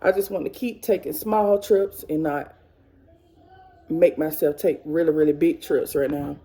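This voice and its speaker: A woman's voice: low voice, fairly even intonation, measured pace, warm tone. A woman in her thirties vlogging to camera in casual, emotional chat, rambling and repeating herself. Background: kids faintly in background.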